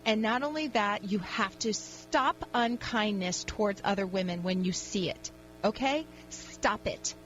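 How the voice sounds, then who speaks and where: A woman's voice: medium pitch, unhurried, a bit bright, dull audio, slight background noise. A woman hosting a call-in radio advice show, talking in an upbeat, emphatic pep-talk manner.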